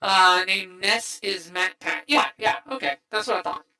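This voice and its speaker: A woman hosting a casual livestream movie chat, excitable and rambling with many restarts. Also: mid-range voice, unhurried, poor audio. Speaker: streamer host.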